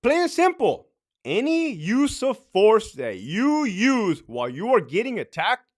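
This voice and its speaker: A man's voice: high-pitched, wildly swooping pitch, a little slow. A man who used to be a correctional officer, giving blunt, profane advice in a casual talk and ending many points with "right?".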